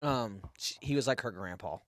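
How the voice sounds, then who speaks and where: A man's voice: lowish voice, moderate pace, dry recording, studio quality. A man in his thirties, a podcast co-host, telling a long personal story in a rambling, casual way, swearing freely and restarting his sentences often.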